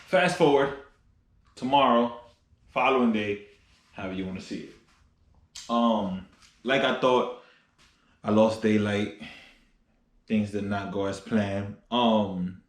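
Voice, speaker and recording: Chatty young man vlogging outdoors. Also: fairly low pitch. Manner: loose, chatty, rambling with fillers. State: out of breath. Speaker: car vlogger. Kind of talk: casual vlog talk to camera. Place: outdoors by a truck and garage.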